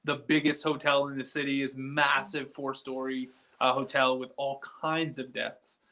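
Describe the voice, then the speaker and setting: A man talking as a guest paranormal investigator on a live show, rambling and excitable as he tells stories from inside an old building at night. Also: medium pitch, normal speed. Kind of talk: casual live chat from an investigation site.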